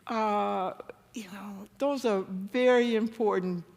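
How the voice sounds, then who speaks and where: An animated woman giving a church seminar talk. Her voice sits at a middle pitch and leaps high when she acts out what people said. She is heard in a church hall with a long reverb. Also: takes it slowly, gravelly. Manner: animated storyteller, voice jumps high when acting out quotes. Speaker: guest speaker.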